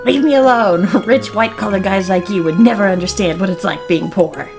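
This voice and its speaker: A woman's voice: medium pitch, a little fast, creaky, music in the background, close to an everyday voice. A woman voicing a poor, scrappy young man who answers back in a whiny, defensive way.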